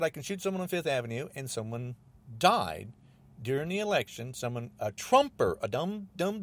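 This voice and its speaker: An angry man hosting his own podcast, ranting about politics in an agitated, repetitive way, often rising almost to a shout. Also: mid-range voice. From United States. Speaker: podcast host.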